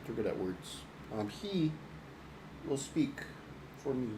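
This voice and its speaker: A man playing at a tabletop game table, talking slowly and hesitantly. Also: medium pitch, big pitch swings, background noise. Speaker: player. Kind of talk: casual chat at a game table.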